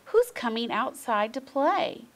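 Brief: upbeat bookish young storybook critter voiced by a woman, lively and bouncy, slow and gravelly. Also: on the high side, voice pushed up. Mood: cheerful. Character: friendly young male animal who loves books.

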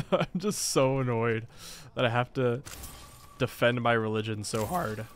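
A man's voice: medium pitch, a little slow, a little hiss or hum. A man giving casual let's-play commentary on a strategy game, playful and self-mocking, laughing often. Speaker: gaming video creator.

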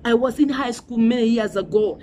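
Kenyan woman preacher, middle-aged, fairly high voice, emphatic, repetitive, faint background hum. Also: fairly quick, dark tone. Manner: emphatic and repetitive, with frequent "you know" and "Hallelujah". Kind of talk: sermon.

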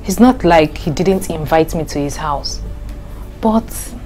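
A blunt, commitment-shy young woman, cutting people off in short, dismissive lines. Her voice sits a little low. A soft film score plays underneath. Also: animated, slow, soft background music. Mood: explaining. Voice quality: curt, dismissive delivery. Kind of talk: film drama acting.

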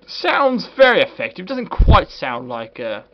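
A man's voice: high voice, wildly swooping pitch, measured pace. Sweary mock-posh man reviewing games. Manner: put-on posh voice, sarcastic and sweary. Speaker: game reviewer. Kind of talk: comedic game review commentary. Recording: dull lo-fi recording with faint hiss.

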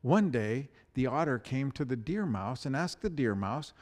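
A man preaching a sermon, reading scripture and telling a fable with animated delivery. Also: medium pitch, normal speed, hardly any pauses. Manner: animated storytelling, voices the animals. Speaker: pastor. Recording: long hall reverb.

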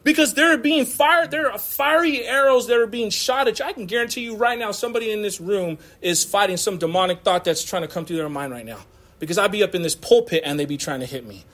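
Guy preaching in church, high voice, really animated, laughs a lot, talks street-casual to the crowd. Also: quick pace. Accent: American. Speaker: pastor. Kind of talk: sermon.

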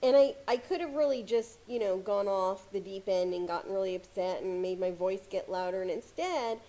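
Woman, motivational coach, casual talk to camera, calm, filler-heavy, mellow voice. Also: medium pitch, moderate pace. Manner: calm, conversational, many "you know" fillers.

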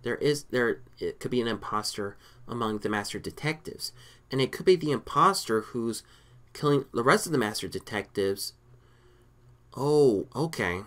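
A man giving casual, excitable commentary while playing a video game, often stammering and reading lines aloud. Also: on the low side. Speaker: let's play gamer.

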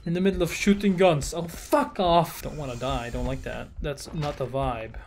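A man giving let's play commentary on a shooter game, frustrated and swearing, shouting at enemies. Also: mid-range voice, animated, normal speed, a little hiss or hum. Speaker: gaming YouTuber.

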